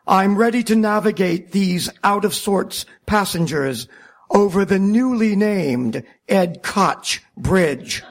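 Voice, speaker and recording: Guy w a high gravelly voice reading his cab story slow and dry. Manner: wry, deliberate, self-mocking. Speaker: narrator, taxi driver. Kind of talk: first-person storytelling.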